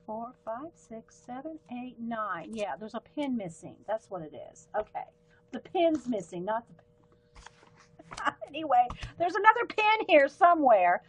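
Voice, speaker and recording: A sing-song, fairly high female voice at a moderate pace belongs to a livestream art host with a light Southern US accent. She chats casually while trying out pens and markers, rambling and easily pulled off track.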